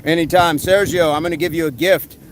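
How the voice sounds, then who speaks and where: A man hosting a casual live stream, reading comments aloud and giving quick fitness tips in a relaxed way. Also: a little high, a little hiss or hum, poor audio. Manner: relaxed, answers chat questions with quick tips.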